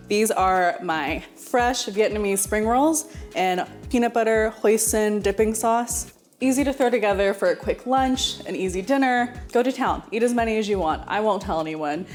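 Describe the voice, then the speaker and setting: A woman's voice: medium pitch, moderate pace, soft background music. A young woman hosting a home cooking video, talking straight to the viewer in a friendly, chatty way. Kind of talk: casual cooking demonstration.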